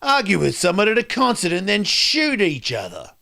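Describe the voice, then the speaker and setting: A man doing a profane stand-up rant, swinging between loud outbursts and quiet asides. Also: high-pitched, huge pitch swings, moderate pace, vocal fry. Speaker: comedian.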